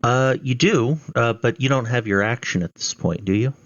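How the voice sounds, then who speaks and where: A man running an online tabletop game as dungeon master, speaking in a measured way with frequent pauses. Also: medium pitch, no room sound, dull audio. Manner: measured, hesitant with fillers.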